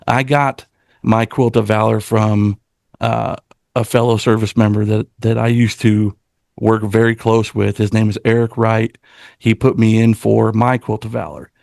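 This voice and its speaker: A man's voice: on the low side, level tone, a little slow, vocal fry, a little mellow, no room sound, studio quality. A man co-hosting a casual roundtable podcast, speaking in an earnest, heartfelt way with frequent restarts.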